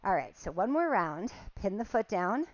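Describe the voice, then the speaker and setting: A woman's voice: medium pitch, very animated, moderate pace, no echo. A woman, a movement coach, guiding a home workout in a friendly, instructive way. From Connecticut. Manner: friendly, instructive, chatty asides. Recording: slightly dull, lo-fi sound.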